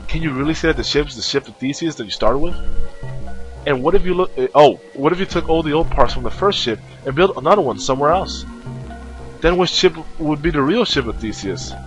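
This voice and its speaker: A man's voice: fairly high pitch, lively intonation, a little fast, soft background music, close to an everyday voice, low-quality recording. A man voicing a cheerful, teasing young woman in a game, in a raised, playful girlish delivery. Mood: musing.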